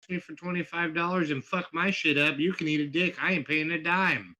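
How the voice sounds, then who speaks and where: A man's voice: a little high, fairly even intonation, fairly quick, sharp tone, poor audio. A man chatting casually with a friend on a call, blunt and full of slang. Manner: laid-back, blunt slang. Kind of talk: casual chat.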